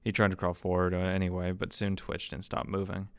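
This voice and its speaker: A man's voice: deep voice, completely flat delivery, a little fast, gravelly, smooth. A man reading a visual novel aloud, who stumbles over words, restarts them, and swears in casual asides. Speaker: let's play narrator.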